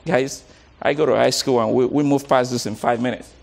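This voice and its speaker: A coach gives a motivational talk to a live audience, animated and laughing often, repeating words and coaxing the crowd to join in. His voice is mid-range, brisk and creaky, with background noise behind him.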